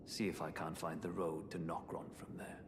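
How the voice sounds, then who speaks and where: An actor playing a terse, gruff male adventurer in a video game. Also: a bass voice, little pitch movement, moderate pace, noisy background.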